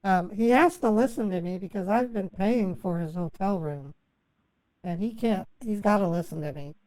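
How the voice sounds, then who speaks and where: A woman with a mellow, warm voice rambles on a phone call. She stammers and restarts her sentences, fills the gaps with ums, and the sound is dry and close. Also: mid-range voice, dry recording. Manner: halting, stammering, full of fillers and restarts. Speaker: scambaiter posing as a victim.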